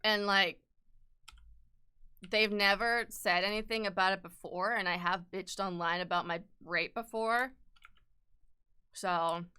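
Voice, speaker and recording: Blunt, bright-voiced woman ranting casually. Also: medium pitch, fairly even intonation, unhurried, long pauses, smooth. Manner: blunt, swearing, candid ranting; peppered with "like". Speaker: art streamer. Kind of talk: casual chat while sketching.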